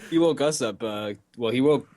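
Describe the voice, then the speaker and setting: A man's voice: mid-range voice, normal speed, warm tone, dry recording, clean studio sound. A man co-hosting a podcast in casual chat, laid-back, swearing and laughing. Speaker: podcast co-host.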